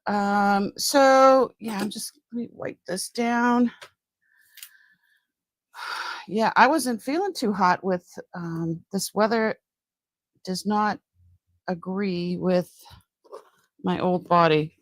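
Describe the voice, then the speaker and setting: There's no room sound as a middle-aged Boston-accented woman takes it slowly, pausing often in her mid-range voice. She's from Massachusetts and sells on a live-stream, which she hosts casually from home beside a counter, chatting and greeting viewers by name.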